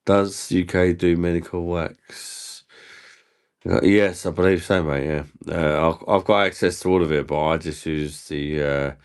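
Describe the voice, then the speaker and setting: A man's voice: low voice, steady tone, measured pace, clear, resonant tone. A man from the UK chatting casually on a live stream, rambling and swearing as he answers viewers' comments. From United Kingdom.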